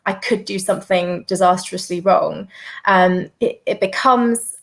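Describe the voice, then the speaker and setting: A woman's voice: fairly low pitch, steady tone, unhurried, creaky, fairly bright tone. Reflective woman podcast host. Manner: reflective, many fillers and repeats. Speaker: podcast host, former doctor. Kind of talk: conversational interview.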